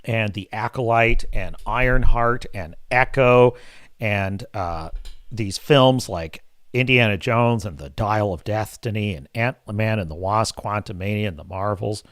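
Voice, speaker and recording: A man's voice: lowish voice, measured pace, fairly bright tone, dry recording. A man hosting a live podcast, ranting in a crude, sarcastic, exasperated tone. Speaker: podcast host. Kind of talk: casual live-show rant.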